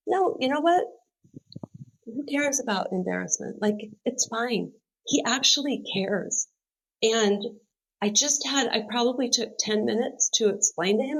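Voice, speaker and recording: A woman's voice: medium pitch, husky, rough recording. Earnest middle-aged woman telling a story. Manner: earnest and open, lively when retelling. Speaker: podcast guest. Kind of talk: heartfelt personal storytelling.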